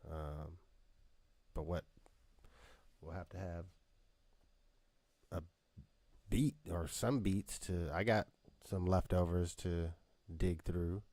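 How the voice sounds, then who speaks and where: Co-host type, low-pitched man, easygoing and rambling, dry close webcam sound. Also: takes it slowly, pauses often, mellow, no echo. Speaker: podcast co-host and rapper. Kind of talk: casual chat on a live video call. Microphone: webcam video call.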